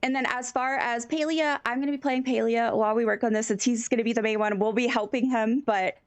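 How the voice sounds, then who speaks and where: Chatty woman streamer, lively and giggly; a bit high, with some fry, dry close mic. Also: brisk, dry recording. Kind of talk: casual live-stream chat.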